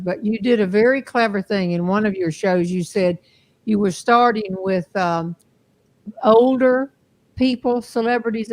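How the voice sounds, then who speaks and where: Woman, host, mid pitch, chatty, casual interview, easygoing rambling. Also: poor audio.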